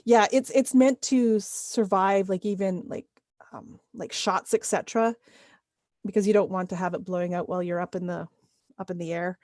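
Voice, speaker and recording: A woman's voice: mid-range voice, steady tone, normal speed, a little mellow, no room sound, studio quality. A woman running a tabletop game as game master, describing scenes with many fillers.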